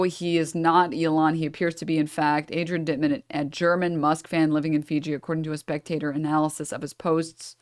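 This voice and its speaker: A woman's voice: sits low, smooth. Sarcastic woman streamer reading news aloud. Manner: sarcastic asides, apologizes for misreadings. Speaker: streamer reacting to a news article.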